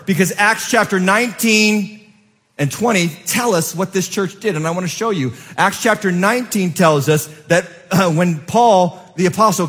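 Male pastor preaching in a reverberant church. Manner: swings from loud emphatic peaks to soft low asides; preaches with repeated rhetorical questions to the congregation. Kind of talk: sermon. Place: church sanctuary. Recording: long hall reverb.

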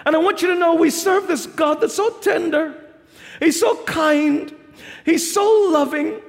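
A man with a New York accent preaches to a large auditorium, his voice pitched unusually high with a gravelly edge. He tells stories animatedly, laughing and shouting the punchlines, and his words ring out with a long reverb. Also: a little slow. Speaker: pastor. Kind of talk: sermon.

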